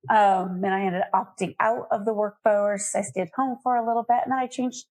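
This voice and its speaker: A middle-aged nonprofit foundation CEO from Colorado, USA, appears as an interview guest, telling candid, lively stories from her life with laughter. Her voice is medium-pitched and she talks a little fast in this conversational storytelling.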